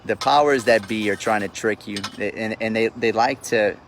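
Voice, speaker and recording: A man's voice: fairly low pitch, normal speed, background noise. A man, ranting bluntly and with profanity on an outdoor live stream, often repeating himself as he gets worked up. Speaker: real estate investor hosting a live stream. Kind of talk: casual livestream rant. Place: outdoors at sundown. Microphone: phone livestream.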